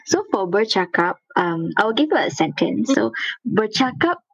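A woman's voice: mid-range voice, big pitch swings, moderate pace, husky, no echo, lo-fi sound. A woman co-hosting a casual studio chat, patiently explaining word meanings.

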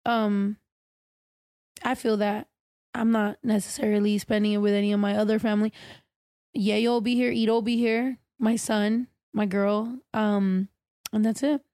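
A young woman co-hosting a podcast, chatty and expressive, swearing and laughing easily. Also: medium pitch, normal speed, clean tone, no room sound, studio quality. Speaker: podcast co-host. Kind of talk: casual chat.

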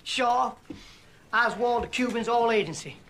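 An actor playing a paranoid, foul-mouthed, middle-aged former agent who talks in jittery, rambling bursts, heard from a film clip. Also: male voice, very high-pitched, unhurried, a bit bright, a little hiss or hum, full character voice. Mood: jittery, tense. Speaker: film character.

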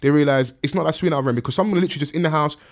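A man co-hosting a podcast, talking quickly and loosely with lots of fillers and slang. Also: fairly high pitch. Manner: fast, heavy use of slang and fillers. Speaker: podcast co-host. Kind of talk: casual chat.

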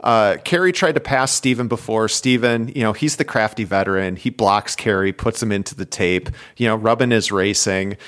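A man co-hosting a casual cycling podcast, retelling races and acting out quotes with big pitch jumps. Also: moderate pace, few pauses, a bit bright. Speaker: podcast co-host. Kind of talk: casual chat about bike racing.

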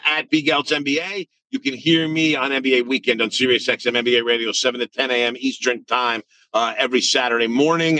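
A man's voice: medium pitch, sharp tone, no room sound. A man who works as a basketball radio analyst, answering podcast questions emphatically and thinking aloud. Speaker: NBA radio analyst, guest.

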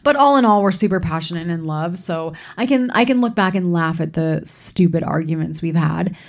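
A woman co-hosting a casual chat show, telling lively stories that act out quoted arguments, poking fun at herself and laughing often. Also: on the low side, fairly quick. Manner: animated storyteller who acts out quoted arguments; self-mocking and laughs often. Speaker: podcast co-host.

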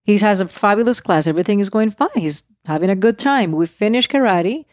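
Animated woman with dry close sound. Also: mid-range voice, fairly quick, no echo. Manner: animated, talks over her partner, repeats herself. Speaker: podcast co-host. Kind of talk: casual chat.

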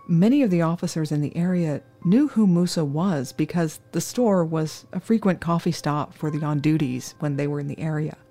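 A crime scene worker telling a true crime story in the first person, with a measured, solemn delivery. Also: mid-range voice, warm tone.

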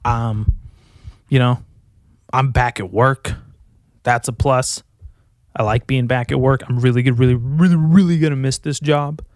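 A man's voice: medium pitch, fairly even intonation, measured pace, pauses often, no echo. A man hosting his own podcast alone, talking in a rambling, profane, self-mocking way in casual chat. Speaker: podcast host. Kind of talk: casual solo podcast monologue. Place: at home with his dog.

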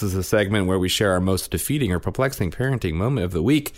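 A man co-hosting a parenting podcast, telling family stories in casual chat and sometimes mimicking his kids in a high voice. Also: quick pace, over music. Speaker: podcast co-host, father. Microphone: studio microphone.

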